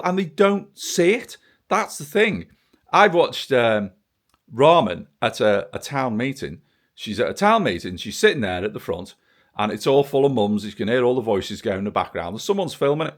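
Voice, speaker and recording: A man's voice: mid-range voice, lively intonation, normal speed. A British man in a profane, sarcastic political rant, filming himself and talking straight to the camera. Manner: angry, sweary, sarcastic ranting. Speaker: vlogger. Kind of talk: ranting political monologue to camera.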